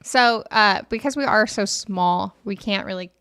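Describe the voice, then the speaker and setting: A chatty woman, a guest on a morning show, talking in a bubbly way and joking about herself. Her voice sits at a middle pitch, recorded close and dry. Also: a little slow, fairly bright tone, clean tone, no echo. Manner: bubbly, self-mocking, chatty. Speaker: credit union guest. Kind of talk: casual chat.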